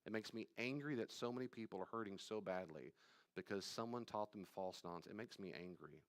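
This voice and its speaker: Emphatic pastor teaching a study class. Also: male voice, lowish voice, fairly quick. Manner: emphatic and repetitive, swinging from loud stresses to quiet asides; conversational, addresses listeners directly.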